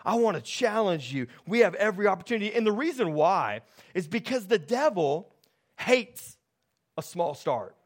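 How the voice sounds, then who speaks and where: A man in his thirties preaching a sermon as pastor, telling stories with lively, excited delivery that grows loud. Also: high voice, moderate pace.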